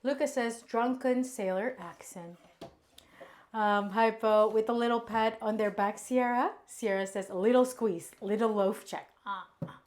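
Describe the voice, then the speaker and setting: A woman's voice: on the high side, fairly even intonation, measured pace, darkish tone. Chatty woman hosting a cooking stream. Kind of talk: casual chat, reading chat aloud.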